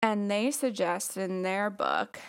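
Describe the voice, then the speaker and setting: A woman's voice: mid-range voice, animated, slow pace, clear, resonant tone. Giggly chatty woman podcast host. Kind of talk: casual chat.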